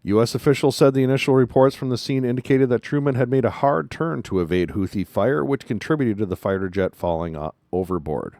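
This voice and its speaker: A man's voice: mid-range voice, fairly quick, vocal fry, hardly any pauses, warm tone, dry recording, clean studio sound. A man hosting a news commentary show. He talks emphatically and repeats his points for stress. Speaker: show host.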